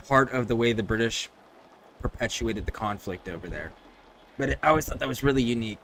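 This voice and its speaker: A man's voice: mid-range voice, fairly bright tone, a little hiss or hum. A man streaming a video game, talking casually and rambling through his thoughts with frequent restarts. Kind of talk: casual gameplay commentary.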